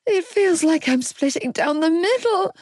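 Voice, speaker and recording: A woman's voice: very high voice, animated, unhurried, a little mellow, no echo, clean studio sound, voice pushed up. A woman voicing a young woman in labour, crying out in pain and pleading, for an audiobook. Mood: pained, panicked. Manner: pleading, breathless cries.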